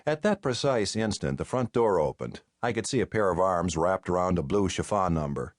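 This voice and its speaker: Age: adult. Sex: male. Role: audiobook narrator. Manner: wry, deadpan, animated pitch. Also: normal speed, few pauses, no room sound, studio quality. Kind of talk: first-person scripted narration.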